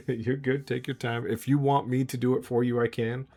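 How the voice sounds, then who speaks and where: A man's voice: mid-range voice, flat delivery, a little slow. A man running a tabletop game as game master, rambling and laughing often.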